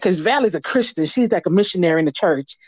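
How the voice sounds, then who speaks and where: Animated woman telling a candid story. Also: lowish voice, quick pace, dry recording. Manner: lively, animated, acts out quoted voices. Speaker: radio guest.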